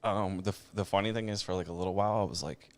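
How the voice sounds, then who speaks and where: A man hosting a podcast in casual chat, relaxed and rambling, with lots of fillers and frequent laughs. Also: sits low, racing. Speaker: podcast host.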